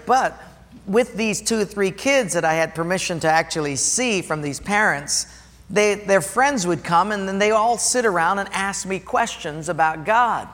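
Male pastor, high bright voice, lively storytelling sermon, long hall reverb. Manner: animated storytelling, acts out dialogue.

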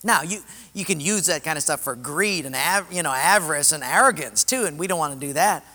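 A man's voice: on the high side, a little fast. A man preaching a sermon and telling stories, acting out the voices of the people in them. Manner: animated, acts out voices in stories. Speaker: pastor. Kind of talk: sermon with storytelling. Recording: long reverb of a hall.

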